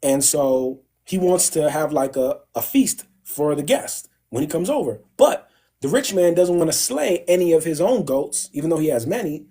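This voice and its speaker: A man hosting a casual livestream and retelling a story in animated slang, voicing the characters in quick bursts. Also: on the high side, husky. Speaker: livestream host. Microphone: phone.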